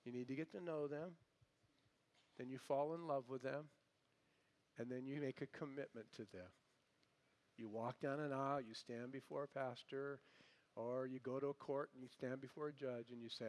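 A middle-aged man preaching a sermon, moving between hushed, conversational asides and emphatic, loud declarations. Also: mid-range voice, fairly even intonation, moderate pace, pauses often. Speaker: pastor.

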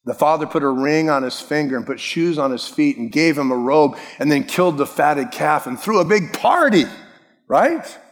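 A man preaching a sermon as pastor, emphatic, slowing down to stress key words and dropping soft and low in his appeals. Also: animated. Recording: long reverb of a large hall.

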